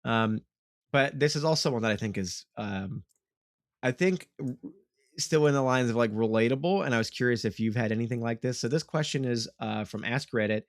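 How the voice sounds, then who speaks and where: A man's voice: medium pitch, brisk, dry recording, studio quality. A man hosting a podcast in casual chat, rambling through long questions with many restarts. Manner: rambling, full of fillers and restarts. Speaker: podcast host.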